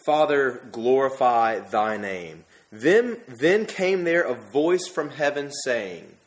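A young man preaches to his congregation in a loose, conversational way. He pushes hard on key phrases and then eases back into plain talk. His voice sits at an ordinary male pitch. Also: slow pace, few pauses. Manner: animated, conversational preaching with bursts of emphasis. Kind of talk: sermon.

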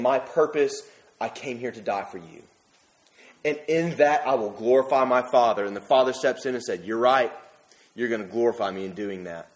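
A young man preaching a sermon in a conversational way, with bursts of emphasis. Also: medium pitch.

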